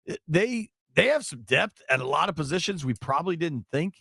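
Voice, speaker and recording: A man hosting a sports radio show, chatting excitably with callers and his co-host in a studio. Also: a little high, a little fast, vocal fry, husky, no echo. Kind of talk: sports talk radio chat. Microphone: studio microphone.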